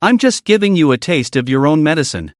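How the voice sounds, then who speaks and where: A man's voice: fairly high pitch, animated, a little fast, no echo, studio quality, lightly acted. A man voicing a sly, smug young schemer.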